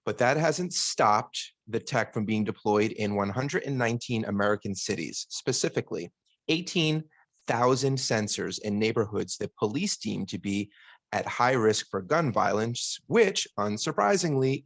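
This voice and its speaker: A man's voice: on the low side, lively intonation, moderate pace, vocal fry, no echo. A man co-hosting a podcast, reading prepared points and breaking into loose chat. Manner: reads prepared points, then chats loosely. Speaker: podcast co-host. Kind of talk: casual podcast discussion.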